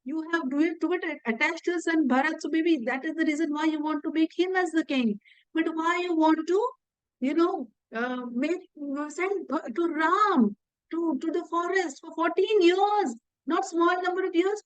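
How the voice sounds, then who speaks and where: A woman's voice: very high-pitched, moderate pace, no echo, voice pushed up. Woman voicing a pleading, grieving old king. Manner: pleading, repeating words.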